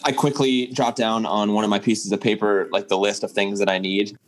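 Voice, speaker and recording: Low-voiced man playing a tabletop game. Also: a little fast. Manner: animated, describes actions in first person. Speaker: player. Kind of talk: tabletop role-play.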